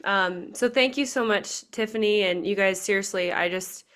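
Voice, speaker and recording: A woman's voice: medium pitch, normal speed, fairly bright tone, clear, resonant tone. A woman in her twenties hosting a live video call, speaking in an earnest, emotional way about faith and self-worth with many casual fillers. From Nebraska. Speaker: podcast host. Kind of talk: heartfelt motivational faith talk.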